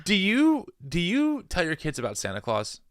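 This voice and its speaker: Bright, smooth-voiced man, dry humor. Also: sits high, huge pitch swings, normal speed, no echo. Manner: dry, sarcastic teasing. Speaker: podcast host. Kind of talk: casual chat.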